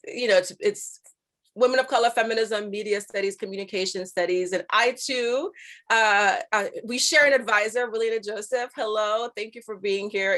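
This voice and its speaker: A woman scholar introducing her field on a webinar, halting and restarting as she speaks. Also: mid-range voice, fairly bright tone. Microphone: video call.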